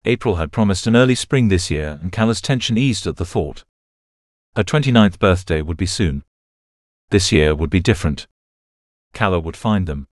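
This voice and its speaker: A man reading a novel aloud as a narrator, in a steady, even way. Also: deep voice, no room sound, studio quality. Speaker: audiobook narrator. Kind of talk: scripted narration.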